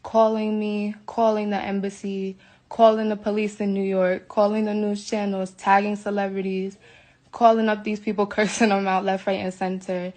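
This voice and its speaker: Speaking from a hotel room, this US livestreamer delivers an emotional rant into her phone, worked up, indignant, and repetitive. The voice is mid-range and darkish, with little pitch movement and normal speed.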